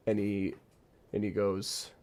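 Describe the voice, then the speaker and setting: A man narrating a tabletop game as game master, in slow, halting sentences. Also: on the low side, monotone, darkish tone.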